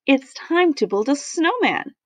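A woman voicing a firm, patient but bossy grown-up male teacher, speaking slowly and deliberately. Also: high voice, sing-song, dry recording, voice pushed up.

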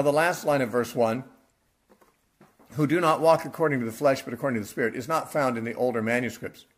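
A man's voice: medium pitch, breathy edge. Man teaching a Bible passage. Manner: unscripted and explanatory, with self-corrections.

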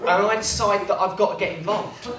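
A young comedian with a high voice, spinning self-deprecating stories and slipping into character voices. He is heard from a distance in an echoey venue, with an audience laughing around him. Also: steady tone, a little fast, a loud crowd, very noisy. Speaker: stand-up comedian. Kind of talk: stand-up comedy routine.

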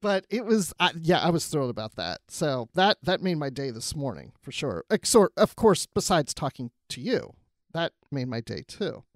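A man co-hosting a podcast, chatting casually and excitedly, often laughing. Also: a little high, moderate pace, no room sound, clean studio sound. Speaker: podcast co-host. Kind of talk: casual review chat.

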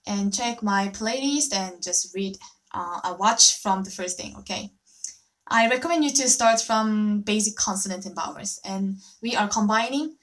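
A Korean woman teaching a live online language lesson, drilling syllables slowly and cheering on her students. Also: medium pitch. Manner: slow, drawn-out syllable drills, cheerful praise.

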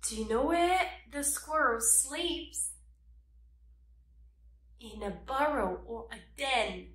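A woman teaching a virtual preschool class, slow and cheerful, repeating words for the children. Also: sits high, a bit bright, echoey room.

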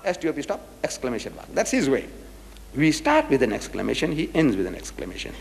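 A man's voice: medium pitch, very animated, brisk, creaky. A man from Africa, giving a religious public lecture in an emphatic, rhetorical way that drives each point home with repeated questions. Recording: reverberant lecture hall recording.

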